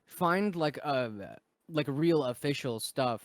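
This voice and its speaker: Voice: medium pitch, slow pace. A cast member in casual podcast chat, laughing a lot and jumping in often. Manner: animated, laughing, jumps in often.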